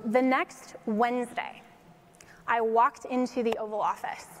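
Casting: woman from Colorado, faith-based motivational speaker, lively storyteller, higher voice, hall echo. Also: measured pace, very noisy. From Colorado, USA. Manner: lively storytelling, laughs often.

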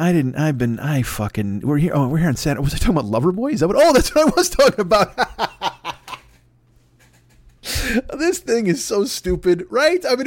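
A man's voice: a little high, darkish tone, no echo, clean studio sound. Profane rambling man in his fifties. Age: 50s. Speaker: podcast host. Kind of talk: solo comedic rant. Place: alone in a room at a desk.

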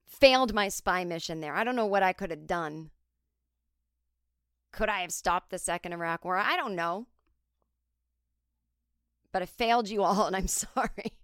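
A woman's voice: medium pitch, normal speed, pauses often, clear, resonant tone, no room sound. Woman, 40s, solo comic storyteller, chatty, close dry sound. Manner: chatty, animated impressions of others. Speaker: podcast host.

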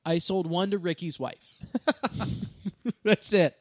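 A male comedian telling animated, profane stories in a casual podcast chat on a studio microphone. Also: high-pitched, takes it slowly. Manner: animated storytelling with swearing. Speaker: stand-up comedian.

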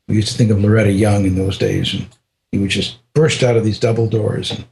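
An older man telling a personal story in an interview, halting with restarts and often dropping to a soft voice. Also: lowish voice, steady tone, creaky, a little hiss or hum.

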